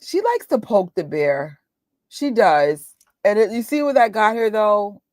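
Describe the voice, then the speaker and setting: A woman in her forties, hosting a movie watch party, talking in a chatty, animated and exclamatory way. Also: mid-range voice, a little slow, no room sound, studio quality. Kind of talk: casual chat.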